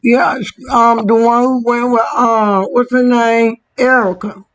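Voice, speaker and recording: A host in casual chat, asking relaxed questions. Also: medium pitch, takes it slowly, dull audio, a little hiss or hum.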